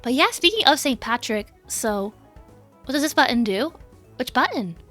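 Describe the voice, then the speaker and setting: A young woman with a high, bright voice chats casually on a livestream, giggly and bubbly as she greets viewers. Her tone is crisp and forward on a desk mic. Faint music plays underneath. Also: sing-song, moderate pace. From United States. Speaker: VTuber streamer. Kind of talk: casual stream chat.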